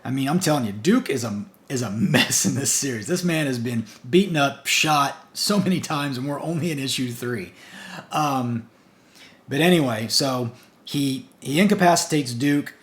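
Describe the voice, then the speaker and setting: A man's voice: medium pitch, lively intonation, normal speed. A man casually recapping a comic book issue, stringing events together in long run-on sentences. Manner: chatty, recounts the plot in long run-on strings with "and" and "basically".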